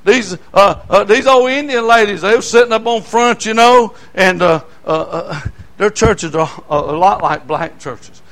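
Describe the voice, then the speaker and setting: Older man, high voice, animated folksy preacher, shouts for emphasis. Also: unhurried. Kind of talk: sermon storytelling.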